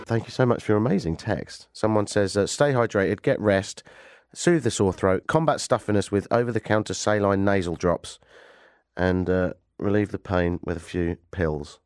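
A man's voice: fairly low pitch, normal speed, dry recording, studio quality, soft background music. A man hosting a talk radio show, with a stuffy nose from a cold. He tells stories with sarcasm and animation. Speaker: radio host. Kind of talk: casual talk radio banter.

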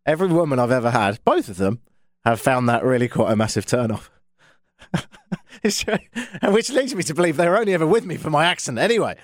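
A man's voice: on the high side, very animated, fast, dry recording. An English man hosting a radio talk show from a studio, with dry, self-mocking banter. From England. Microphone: studio microphone.

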